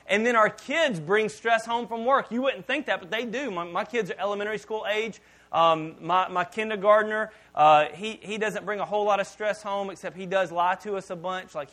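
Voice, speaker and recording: A male pastor in his thirties delivers a sermon in an easygoing, conversational way. He keeps checking in with the congregation and wanders into side remarks. His speaking voice sits somewhat high for a man. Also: fairly bright tone. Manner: casual, conversational preaching with asides to the audience. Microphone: podcast mic.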